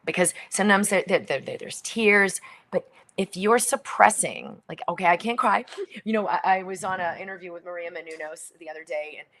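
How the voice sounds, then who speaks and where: A middle-aged woman hosting a book launch livestream, reading and talking in an animated way with some whispered moments. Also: on the low side, brisk. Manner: animated, acts out little quoted voices, drops to near whispers.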